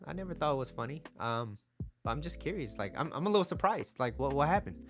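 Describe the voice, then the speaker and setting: A man's voice: mid-range voice, very animated, fast. Blunt man giving dating advice. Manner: blunt, emphatic, tags lines with "right?" and "okay?". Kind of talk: direct-to-camera advice monologue.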